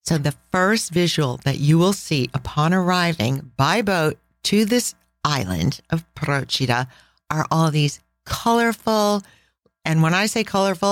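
A woman's voice: low-pitched, dry recording. A woman hosting a casual travel podcast, talking with enthusiastic, chatty storytelling. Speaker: podcast host.

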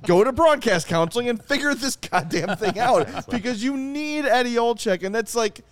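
A man hosting a casual sports talk show, ranting in an animated, exasperated way and reading out viewer comments. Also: very high-pitched, moderate pace, no echo. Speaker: podcast host.

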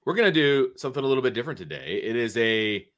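A man hosting a casual sports talk podcast, energetic and chatty, telling stories with animation. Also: medium pitch, rapid-fire. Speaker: podcast host.

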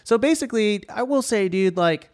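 A man chatting casually on a podcast about running vacation rentals, animated and full of "like" and "dude", acting out what people said. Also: sits high, normal speed, clear, resonant tone. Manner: animated, says dude and like a lot, acts out quotes. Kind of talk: casual chat, storytelling.

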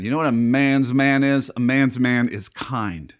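A man's voice: mid-range voice, a little slow, smooth. A man hosting his own show as a pastor, talking in an emphatic, preachy monologue full of rhetorical questions. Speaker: podcast host and pastor. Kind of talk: fired-up spoken monologue.

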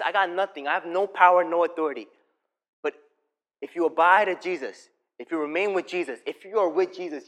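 A young man preaching a sermon in a church, moving between impassioned declarations and quiet, softer storytelling. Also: high voice. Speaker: pastor.

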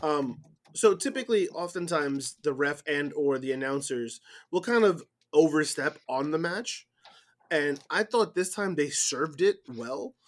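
A man co-hosting a casual wrestling recap chat, animated and given to loud whoops. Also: on the high side, unhurried. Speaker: podcast co-host.

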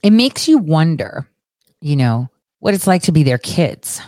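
A young woman giving a profane, sarcastic political rant in an animated, fast-shifting voice. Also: low-pitched, dry recording, clean studio sound. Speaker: political commentator. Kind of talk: ranting commentary.

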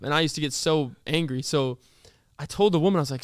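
Animated young man telling stories. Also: a little high, fast talker, smooth, no room sound, studio quality. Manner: animated storytelling, laughs often. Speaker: podcast host. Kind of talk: casual chat.

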